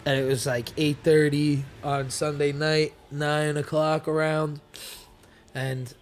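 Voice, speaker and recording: A young man telling a story in a casual podcast chat, animated and rambling, with a lot of swearing. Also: fairly high pitch, slow pace, a little hiss or hum. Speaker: podcast guest, fighter.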